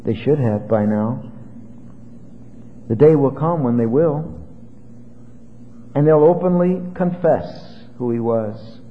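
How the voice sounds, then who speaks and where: A man preaching a sermon, swinging between loud exhortation and soft hushed asides, quoting scripture in old-style wording. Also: medium pitch, slow, pauses often. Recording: tinny phone-like sound with long hall reverb and faint hiss.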